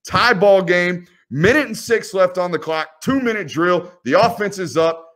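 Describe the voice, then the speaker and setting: A man's voice: sits high, a little slow, a bit bright. A young man, hosting a casual football film breakdown, teasing players with rhetorical questions. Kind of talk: casual video commentary.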